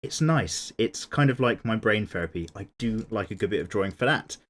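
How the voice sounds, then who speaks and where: A man's voice: fairly low pitch, expressive, fairly quick, a bit bright. A man, chatting casually while drawing and answering viewer comments in a laid-back, playfully indignant way. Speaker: art YouTuber.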